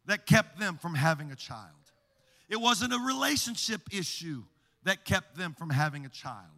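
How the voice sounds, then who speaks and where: High, bright-voiced shouting preacher. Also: male voice, creaky. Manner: emphatic, repetitive, rising to shouted sing-song preaching. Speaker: pastor. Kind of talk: sermon. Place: church sanctuary. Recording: long church reverb.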